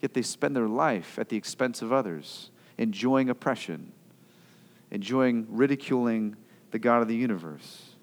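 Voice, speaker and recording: A man preaching a sermon as pastor, impassioned, swinging between loud outbursts and quiet asides. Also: mid-range voice, animated, moderate pace, long reverb tail.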